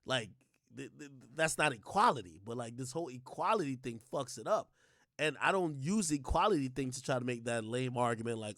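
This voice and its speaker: A young man ranting on a stream, profane and animated, stumbling over fillers as he argues. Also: mid-range voice, a little fast, no room sound, clean studio sound. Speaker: streamer and commentator.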